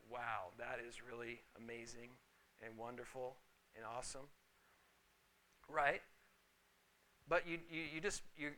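Bright-voiced man preaching with stories. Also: medium pitch, poor audio. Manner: conversational, storytelling, calls for amens. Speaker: pastor. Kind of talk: sermon with personal story.

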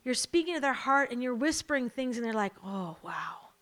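A woman's voice: sits high, fast, a bit bright. A woman preaching a sermon to a church congregation, emphatic and repeating her key lines, then leading a prayer.

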